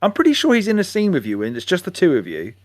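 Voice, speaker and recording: A man's voice: high voice, huge pitch swings, fast talker, dry recording, clean studio sound. A man co-hosting a podcast, chatting casually with trailing asides. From England. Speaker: podcast co-host. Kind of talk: casual chat.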